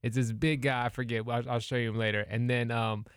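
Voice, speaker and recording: A man on a podcast mic, telling a story in lively, profane casual chat and breaking into laughter. His voice sits at a middling pitch, close and dry with no room sound around it. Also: fairly quick, clear, resonant tone, no echo. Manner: animated storyteller, swears freely, laughs through the telling. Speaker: podcast co-host. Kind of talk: casual chat, retelling a comedy bit.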